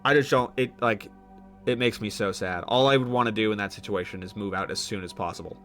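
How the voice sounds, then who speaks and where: A man's voice: lowish voice, a little fast, a bit bright, soft background music. A young man streaming live, rambling animatedly through his thoughts with casual swearing and frequent restarts.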